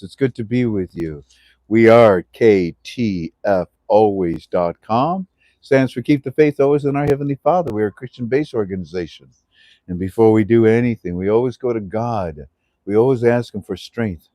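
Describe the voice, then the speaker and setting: A man hosting a casual livestream who prays, jokes with friends and addresses listeners as ladies and gentlemen. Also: lowish voice, no echo. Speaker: host of a currency livestream. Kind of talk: casual livestream talk with prayer. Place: on the west side of Oahu with friends.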